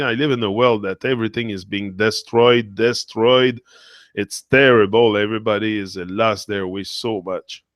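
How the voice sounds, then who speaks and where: A man's voice: mid-range voice, moderate pace, dry recording. Earnest man in a dry monologue. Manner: earnest, repetitive, emotional. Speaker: motivational speaker. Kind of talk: impassioned monologue.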